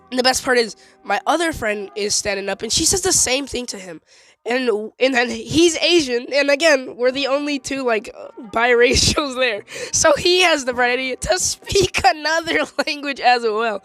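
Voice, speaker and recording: A teenage boy telling a story in a casual, animated, slangy way, often laughing mid-sentence. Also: very high-pitched, normal speed, soft background music. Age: teens.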